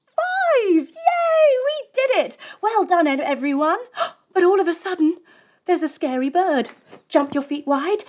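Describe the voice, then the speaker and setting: A young woman teaching a storytelling yoga lesson for children, playful and animated, adding buzzing sound effects. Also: fairly high pitch. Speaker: kids' yoga instructor.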